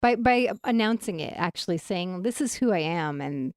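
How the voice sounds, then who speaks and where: A woman guest on a radio show, chatting eagerly and warmly excited as she talks. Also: fairly low pitch, moderate pace, no room sound, studio quality. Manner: enthusiastic, chatty, often trails into restarts. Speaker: radio guest and fellow host. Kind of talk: casual radio chat. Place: radio studio. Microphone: studio microphone.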